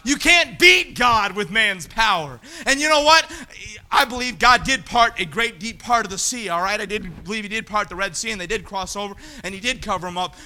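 A high-pitched, piercingly bright man preaching. He reads scripture and then drives his points home, swelling into emphatic shouts. The delivery is that of a fiery sermon.

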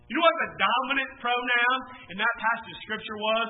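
Guy pastor preaching, pretty high voice, tinny phone-ish sound, big loud then quiet bits. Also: animated, brisk, long reverb tail. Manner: emphatic preaching with sudden loud swells and soft drops. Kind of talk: sermon.

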